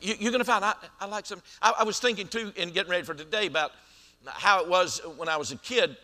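High bright preacher in a hall. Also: male voice. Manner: preaching with drawn-out emphatic lines and quiet asides. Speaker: senior pastor. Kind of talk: sermon. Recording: reverberant church sanctuary.

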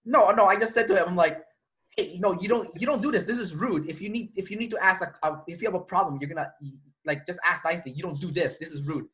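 In a high, fast voice, the interviewee relates a personal story conversationally, lively in manner, acting out what others said and restarting frequently.

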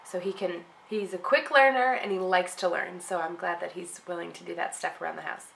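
A rambling, chatty woman talking to her camera in a home office. Her lowish voice sounds thick and nasal, as if she is getting over a cold. A faint hum of outdoor ambience comes through open windows. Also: steady tone, a little fast, creaky, a bit bright, rough recording. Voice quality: deep and nasal. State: congested from a cold. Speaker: blogger. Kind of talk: casual rambling vlog chat.

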